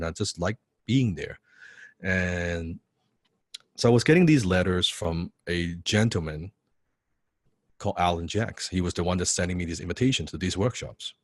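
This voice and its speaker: Low-voiced man telling a lively story. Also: husky, no echo. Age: young adult. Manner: animated, repeats words, laughs often. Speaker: business coach. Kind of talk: casual motivational storytelling.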